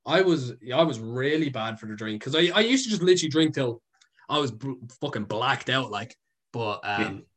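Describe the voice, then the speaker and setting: A man's voice: mid-range voice, lively intonation, normal speed, fairly bright tone. A young Irish man chatting as a guest, telling stories in a rambling way full of fillers and swearing. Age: young adult. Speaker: guest, content creator. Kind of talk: casual storytelling.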